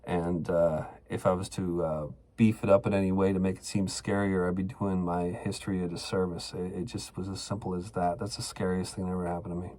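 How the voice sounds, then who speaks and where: A man's voice: low voice, flat delivery, fairly quick, hardly any pauses, warm tone. A man hosting a show, telling a personal story in a casual, profane, rambling way with lots of fillers. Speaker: podcast host.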